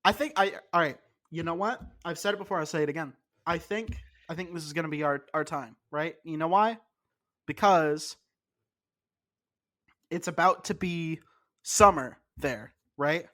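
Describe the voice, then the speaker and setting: A man's voice: a little high, moderate pace, pushed and bright. A congested man co-hosting a podcast in casual chat, ranting and swearing with mock indignation. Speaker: podcast co-host.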